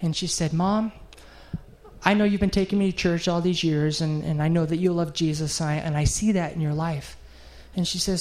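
A man's voice: on the high side, fairly even intonation, moderate pace, darkish tone. A middle-aged man preaching a sermon, telling a heartfelt story in an earnest way and closing in prayer.

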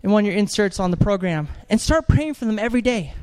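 A man preaching an animated sermon in church, telling a story with jokes and acted-out voices. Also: high-pitched, quick pace, clean tone. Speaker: evangelist preacher.

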